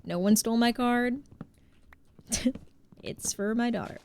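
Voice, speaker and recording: A flustered man in his sixties pleads insistently over the phone, as a woman streamer quotes him, sounding a little high at first. He keeps insisting and protesting his case. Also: a little slow, a little mellow, a little hiss or hum. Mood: pleading. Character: flustered older dad on phone with bank.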